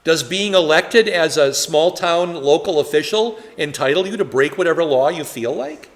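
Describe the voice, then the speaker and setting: A man's voice: fairly high pitch, lively intonation, normal speed, in a large hall. A male pastor teaches a Bible study in a loose, conversational way. He asks his listeners questions, uses lots of fillers, and speaks in a slightly raised register. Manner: chatty, rhetorical questions, frequent fillers.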